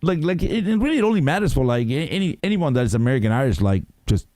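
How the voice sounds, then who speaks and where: A man in a casual podcast chat who rants in long, rambling, profane runs. His voice is mellow and dark, yet his pitch swings widely. It sounds dry and close to the mic. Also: quick pace, no echo. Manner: profane, rambling, animated rant with lots of fillers. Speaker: podcast co-host.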